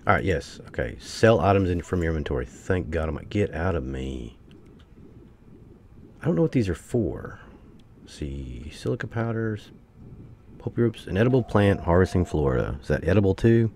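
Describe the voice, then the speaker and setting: A deep, gravelly man talks his way through a game, his pitch swinging widely as he swears, grumbles and calls out to his viewers. His voice is picked up by a desk mic, with a faint hum of noise behind it. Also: big pitch swings, moderate pace, darkish tone. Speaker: gameplay streamer. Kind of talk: casual gameplay commentary.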